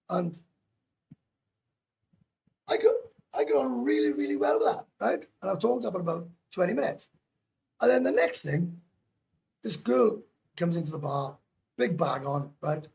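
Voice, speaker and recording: Gravelly excitable man ranting on a livestream. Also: a little high. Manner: excitable, swearing, rambling storyteller; keeps adding tag questions. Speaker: guest YouTuber calling into a livestream. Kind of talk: casual livestream chat.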